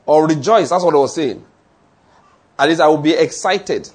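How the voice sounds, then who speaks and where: A male pastor preaching a sermon, animated and humorous, acting out little anecdotes. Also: a little high, moderate pace, long pauses, slightly rough.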